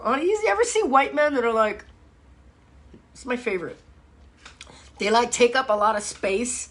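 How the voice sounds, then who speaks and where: A woman's voice: on the high side, animated, normal speed, a bit bright. A middle-aged woman from hosts a live-stream chat, talking bluntly, swearing often and ranting with strong feeling. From Miami, USA. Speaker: fitness host.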